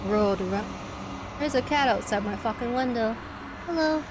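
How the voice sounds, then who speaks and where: A woman's voice: on the high side, normal speed, noisy background. A woman streamer giving casual gaming commentary, playful and sassy, swearing freely. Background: game music.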